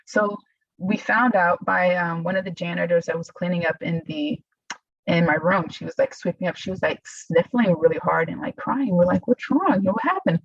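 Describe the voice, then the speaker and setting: A somewhat low, husky woman's voice, young adult, recounting her past in a halting, heartfelt way as a podcast guest. She slips into lively voices when she quotes people. The sound is dry and close, a bit dull and lo-fi. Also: no room sound. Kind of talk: casual interview storytelling.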